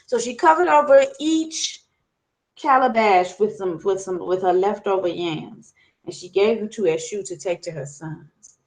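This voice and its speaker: A woman telling a folktale as a lesson, lively and asking her listeners questions as she goes. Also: mid-range voice, a little slow, rough recording. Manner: lively, asks the audience questions. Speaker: storyteller, teacher. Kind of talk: interactive storytelling lesson.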